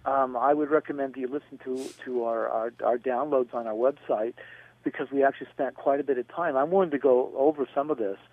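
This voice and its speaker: A man on a call-in radio show talks through his answer at length, wandering a little, filling gaps with "uh" and spelling names letter by letter. His voice is mid-pitched and comes through a narrow, tinny phone line. The sound is dry, with no room around it. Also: a little fast, no echo. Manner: discursive, spells out names, many fillers.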